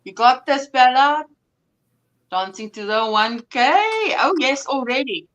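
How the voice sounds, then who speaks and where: Woman livestream host, high voice, chatty, greets viewers by name, from South Africa. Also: unhurried, a bit bright, highs cut off. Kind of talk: casual chat reading out viewer comments.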